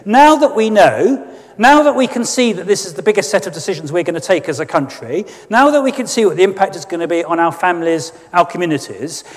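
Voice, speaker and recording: A man giving an emphatic, sardonic political speech to an audience in a church. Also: high voice. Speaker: guest speaker. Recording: long church reverb.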